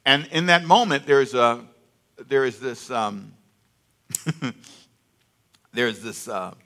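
A man's voice: medium pitch, slow, fairly bright tone. An older man preaching a sermon in a conversational way, repeating phrases and getting the congregation to answer him aloud.

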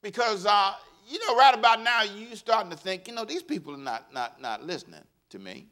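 A man preaches as pastor in a high-pitched, brisk voice. His style is animated and folksy, leading call-and-response and laughing at his own stories.

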